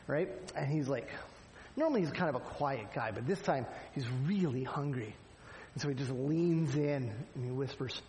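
A man's voice: medium pitch, moderate pace, darkish tone, in a large hall, slight background noise, low-quality recording. A man preaching a sermon in a conversational way, with frequent rhetorical asides to the congregation. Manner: conversational preaching, frequent "right?" asides, acts out quoted lines. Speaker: pastor.

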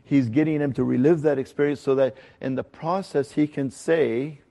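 Pastor, man, conversational sermon delivery, gravelly voice, long hall reverb. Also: medium pitch, steady tone, mellow. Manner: conversational, earnest teaching with emphatic slow stresses.

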